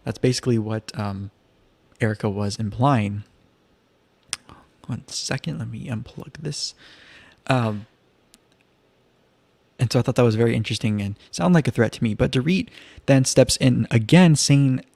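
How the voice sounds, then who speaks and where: Man, recap host, casual live stream, chatty, wry asides, medium pitch, dry sound. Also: unhurried, creaky, long pauses, dry recording. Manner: chatty, loose, leans on "kind of" and "like"; relaxed storytelling with wry asides.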